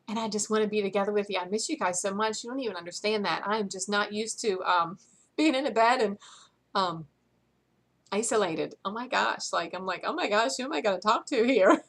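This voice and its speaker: Lady hyping up her sales team from bed, bubbly, lots of ums, kinda high voice. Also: fairly bright tone. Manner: upbeat, chatty, encouraging, lots of fillers. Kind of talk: casual direct-to-camera update. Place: in bed at home.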